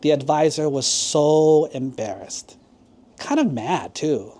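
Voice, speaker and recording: A man's voice: on the high side, slow pace. A man, a monk, telling a children's story in a sermon and asking the listeners questions. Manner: animated, asks the children questions.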